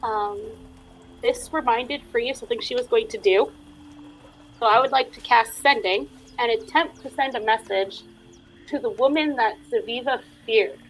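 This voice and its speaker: A woman's voice: a little high, moderate pace, a bit bright, soft background music, rough recording. A woman playing a tabletop game, describing her character's actions in the third person. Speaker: player. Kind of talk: tabletop role-play.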